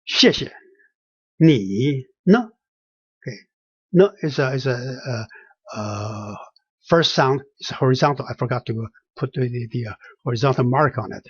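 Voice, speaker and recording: Slow, lively-pitched husky teacher. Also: dry recording, dull audio. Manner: slow, deliberate, repeats each phrase with hesitant fillers. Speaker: language teacher. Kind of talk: beginner language lesson.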